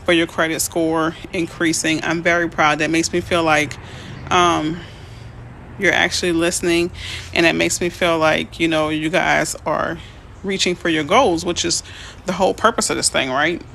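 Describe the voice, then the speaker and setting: Bright-voiced chatty woman realtor. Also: low-pitched, normal speed, vocal fry, a little hiss or hum. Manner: reads out and answers viewer comments; chatty, excitable, easily emotional. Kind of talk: casual live-stream chat. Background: birds chirping faintly.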